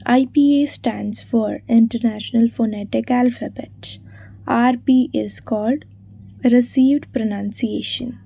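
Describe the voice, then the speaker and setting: A woman reads exam revision questions and their answers in an unhurried, steady delivery. Her voice sits a little high but sounds mellow and soft. She spells key words out letter by letter. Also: creaky, no echo. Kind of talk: reading quiz questions and answers.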